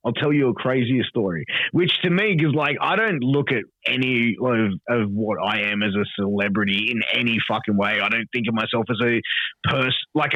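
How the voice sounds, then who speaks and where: A man's voice: medium pitch, no echo. Australian man spinning a story. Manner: animated, swears freely, acts out quoted dialogue. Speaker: podcast guest. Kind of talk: casual storytelling chat. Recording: dull, dry podcast audio.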